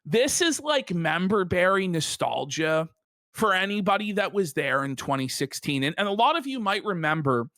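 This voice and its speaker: Excitable, profane male stream host. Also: sits high, moderate pace, no echo. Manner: profane, excitable, laughs and shouts mimicking others. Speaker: podcast host. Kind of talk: crude comedic stream banter.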